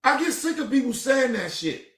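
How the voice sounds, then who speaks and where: Heated high-voiced man ranting. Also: sing-song, normal speed, creaky, a bit bright. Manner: heated, repetitive, cursing. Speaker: streaming show host reacting to a clip. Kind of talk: profane reaction rant. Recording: echoey room.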